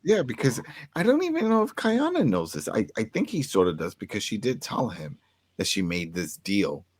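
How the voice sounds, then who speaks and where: A man co-hosting a casual TV recap chat, animated and acting out characters' lines. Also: lowish voice, normal speed, husky. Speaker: podcast co-host.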